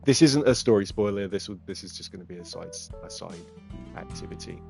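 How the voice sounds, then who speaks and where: A man's voice: fairly low pitch, lively intonation, brisk, creaky, music in the background. A man giving casual, self-mocking, sarcastic commentary while streaming a game.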